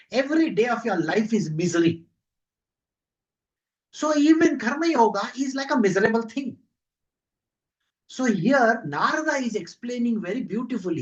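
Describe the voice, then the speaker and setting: Male spiritual teacher, conversational devotional talk, lo-fi recording. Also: extremely high pitch. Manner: conversational, full of rhetorical questions and acted-out quotes.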